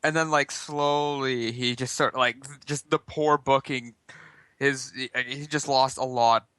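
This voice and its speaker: A man co-hosting a podcast, chatting casually and excitably with lots of swearing. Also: medium pitch, unhurried, clean tone, no room sound. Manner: excitable, profane. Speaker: podcast co-host. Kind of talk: casual chat.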